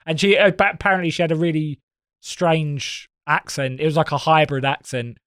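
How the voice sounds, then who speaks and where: A comedian guest with a fairly high voice rambles through an anecdote, full of hesitations. The recording is dry and close. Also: male voice, fairly even intonation, moderate pace, a bit bright, clean tone, no echo. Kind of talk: casual comedic banter.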